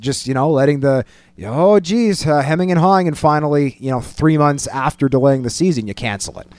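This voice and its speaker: Opinionated man, dry close sound. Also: no echo. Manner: opinionated, animated, mocks quotes in a higher voice. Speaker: sports podcast co-host. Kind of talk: casual sports talk.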